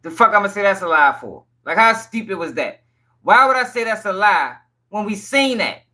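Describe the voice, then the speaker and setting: A man hosting a casual livestream, reading court documents and talking straight to his chat viewers. His voice sits high and sounds bright, sharp and forceful. He talks in blunt, exasperated slang laced with cursing and keeps repeating his points. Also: big pitch swings, moderate pace. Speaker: livestream news commentator. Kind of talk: casual profane commentary reading court papers.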